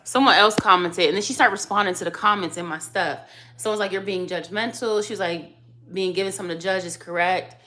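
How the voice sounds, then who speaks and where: A woman with a hoarse voice, chatting casually to camera as a vlogger and mom of three, telling a story with lively emphasis. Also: medium pitch, fast. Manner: chatty, animated storytelling, addresses viewers as y'all. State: hoarse, voice going out.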